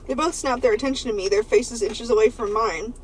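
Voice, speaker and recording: A woman's voice: a little high, brisk, poor audio. Giggly woman reading a racy novel aloud. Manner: reads aloud, stumbles and breaks into laughter. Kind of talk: comedic reading of an erotic novel.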